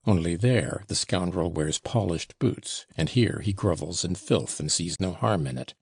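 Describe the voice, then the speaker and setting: A man's voice: deep voice, lively intonation, unhurried, vocal fry, darkish tone, breathy edge, dry recording, studio quality, full character voice. Man voicing a curt, scornful young servant. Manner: curt, disdainful. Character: sullen proud young male servant, contemptuous. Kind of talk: audiobook reading.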